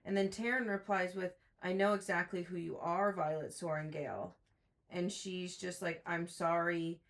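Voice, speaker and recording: A woman co-hosting a book podcast, chatting casually with many fillers and lively quotes of characters. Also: lowish voice, moderate pace. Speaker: podcast co-host.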